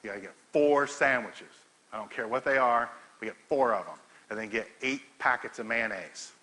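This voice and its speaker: Bright-voiced man telling a rowdy story. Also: mid-range voice, normal speed, slight background noise, rough recording. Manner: profane, laughing storyteller, animated. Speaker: powerlifting coach giving a talk. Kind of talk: storytelling talk to a live audience.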